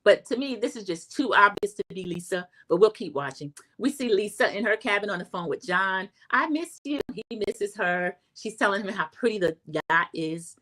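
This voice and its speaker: A middle-aged woman hosting a livestream, casually recapping a reality TV episode and giving her opinions, chatty and animated when she acts out quoted lines. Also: mid-range voice, moderate pace, hardly any pauses, low-quality recording. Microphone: home streaming setup.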